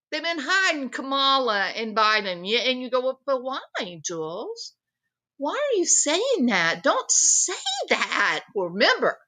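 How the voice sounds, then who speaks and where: Woman host, sarcastic opinion monologue, bright and lively pitch, unhurried. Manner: sarcastic, mocking impressions. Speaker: commentary channel host.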